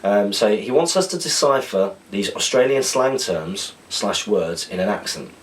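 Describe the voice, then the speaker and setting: Casting: male podcast host, lowish voice, a little off the mic, chatty and self-correcting. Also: animated, a little slow, distant mic, low-quality recording. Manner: rambling, self-correcting, laughs at himself. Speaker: podcast host answering viewer questions. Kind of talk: casual solo chat reading out questions.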